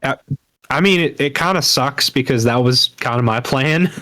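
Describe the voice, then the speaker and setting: A man chatting casually as a podcast guest, halting, with many fillers. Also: medium pitch, pushed and bright, no echo. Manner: hesitant, many fillers and restarts.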